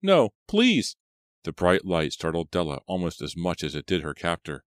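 A man reading a horror audiobook in a steady, measured storytelling manner. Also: deep voice, no echo. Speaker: audiobook reader. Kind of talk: scripted horror audiobook narration.

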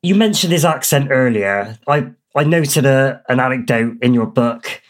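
A male host with a Bristolian accent asking a guest questions in a measured, inquisitive way. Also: medium pitch, lively intonation. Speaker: host interviewer. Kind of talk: podcast interview questions.

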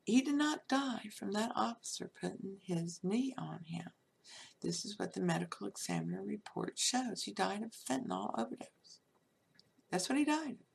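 Gravelly, husky woman ranting off the cuff. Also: mid-range voice, lively intonation, moderate pace. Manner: emphatic and rambling, many "you know" fillers. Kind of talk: unscripted monologue.

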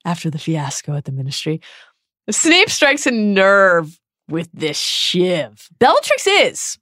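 A woman co-hosting a podcast, animated and laughing often as she discusses a book. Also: lowish voice, slow, no room sound, clean studio sound. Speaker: podcast co-host.

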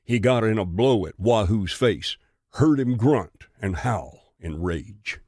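A man reads a western audiobook in a slow, measured way. His voice sits a little low and is recorded dry and close, with no room sound. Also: animated, a little mellow, breathy edge, no room sound. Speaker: narrator.

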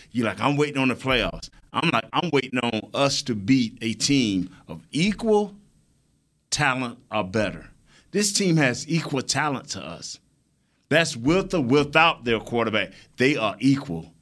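A man's voice: mid-range voice, a bit bright. A man co-hosting a sports talk show, speaking casually and making his case emphatically in repeated phrases.

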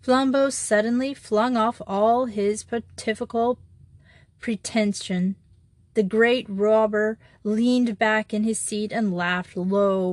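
Female audiobook narrator, measured delivery, mid pitch, dry recording. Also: steady tone, a little mellow, no room sound. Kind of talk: scripted narration.

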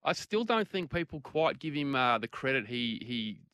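A man with an Australian accent co-hosting a sports radio show from a studio, excitable and jokey. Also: medium pitch, normal speed, clear, resonant tone, no echo. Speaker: radio co-host. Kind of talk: casual sports radio chat. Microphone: studio microphone with headphones.

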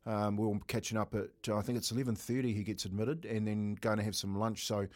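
Fast and lowish, with little pitch movement and a darkish tone, this middle-aged Kiwi radio co-host spins a humorous family tale. The talk is casual storytelling full of laughter and plenty of "mate".

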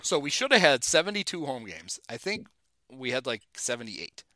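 A man's voice: medium pitch, normal speed. A middle-aged man telling baseball-era anecdotes in casual chat, acting out the people he quotes. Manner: animated anecdotes, acts out quotes. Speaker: guest telling stories.

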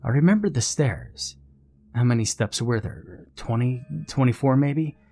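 A man narrating a horror story in a measured, suspenseful way. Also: mid-range voice, lively intonation, dark tone.

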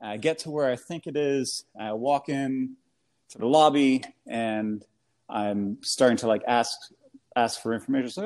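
A man's voice: mid-range voice, moderate pace. An American man from New England, in his thirties, telling a rambling story in casual chat, full of fillers and laughs. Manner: rambling, animated, heavy fillers, laughs often. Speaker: guest.

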